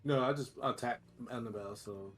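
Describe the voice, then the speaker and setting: A man's voice: medium pitch, brisk, soft background music. A man playing a tabletop game, giving brief, laid-back replies. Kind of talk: casual game chat.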